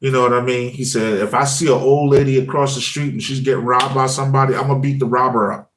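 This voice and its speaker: A man's voice: mid-range voice, flat delivery, quick pace, a bit bright, slight background noise. Chatty man in an echoey room. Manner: casual, frequent "you know what I mean". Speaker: livestream host. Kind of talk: casual morning livestream talk.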